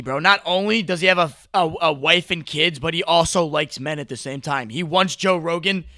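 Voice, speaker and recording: Young male commentary host, sharp bright tone, dry close sound, riffs and mocks excitably. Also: high-pitched, no room sound. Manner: mocking, riffing, excitable, with frequent "like" and "bro". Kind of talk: casual reaction commentary.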